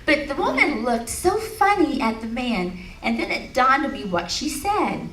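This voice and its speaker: A middle-aged woman with a high-pitched, very animated voice speaks unhurriedly, her tone a bit bright. At an expo, she tells a personal story with laughter, then leads listeners in affirmations as part of a motivational talk. The large, echoey hall is recorded at a distance, with slight background noise.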